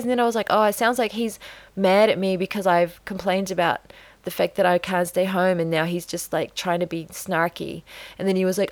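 Woman, weary vlogger, chatty and self-mocking, slightly low voice, dead-dry recording. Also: fairly even intonation, fairly quick, no echo. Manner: rambling, self-deprecating, acts out conversations. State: tired, burnt out. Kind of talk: casual vlog monologue.

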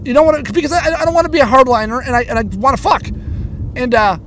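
A man's voice: very high voice, quick pace, a bit bright, slight background noise. A man hosting a podcast, ranting heatedly in casual talk, swearing constantly and stumbling over restarts. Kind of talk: casual profane rant.

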